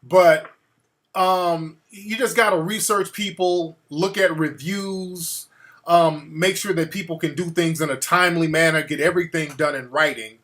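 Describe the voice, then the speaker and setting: Loose, profane radio talk host. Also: male voice, fairly high pitch, steady tone, a little slow, fairly bright tone. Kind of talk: casual call-in talk.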